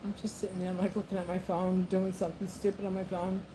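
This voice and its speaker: A woman's voice: medium pitch, level tone, fast, noisy background. Woman, casual vlogger; rambling and laughing, mid-range voice. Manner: rambling, laughs often, talks to her pet. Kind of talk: casual chat to camera.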